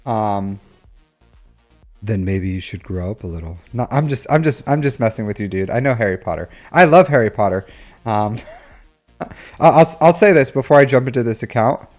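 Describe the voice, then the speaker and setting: A man's voice: mid-range voice, lively intonation, moderate pace. Thirtysomething guy streaming, rambly and teasing, middle voice, faint music behind. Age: 30s. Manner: teasing, rambling, jokey banter with chat viewers. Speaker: live-stream host reviewing game accounts. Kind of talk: casual live-stream chat.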